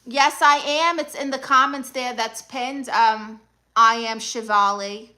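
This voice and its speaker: A woman with a New York accent hosts a comedic livestream as an aunt character, reading viewer comments and answering with dry, deadpan quips. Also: fairly high pitch, takes it slowly, low-quality recording. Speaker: livestream host playing an aunt.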